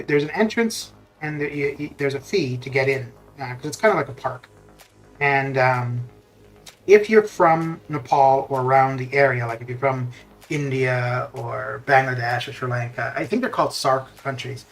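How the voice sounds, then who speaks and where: A man chatting casually while streaming a game, rambling with lots of fillers and restarts. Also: medium pitch. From Canada. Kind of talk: casual chat while gaming live.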